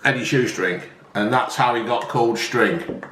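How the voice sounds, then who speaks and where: A man's voice: medium pitch, normal speed, fairly bright tone. A man, chatting casually to viewers and swearing freely as he makes food at home. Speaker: vlog host. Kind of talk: casual cooking vlog chat. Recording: echoey room.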